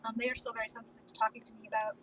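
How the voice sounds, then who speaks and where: A middle-aged woman talking casually in a soft, halting way, pausing often with fillers. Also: a little high, little pitch movement. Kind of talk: casual chat on a live stream. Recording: distant mic with background noise.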